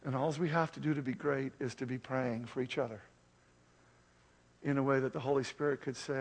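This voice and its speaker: Gravelly, husky male pastor preaching. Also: mid-range voice, steady tone, fairly quick. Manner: earnest, urgent preaching. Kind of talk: sermon and prayer.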